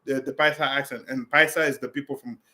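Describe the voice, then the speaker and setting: A man's voice: medium pitch, steady tone, quick pace, bright, forceful tone. A man vlogging in a casual, rambling way as he answers viewer questions, talking bluntly with many restarts and fillers. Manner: blunt and direct.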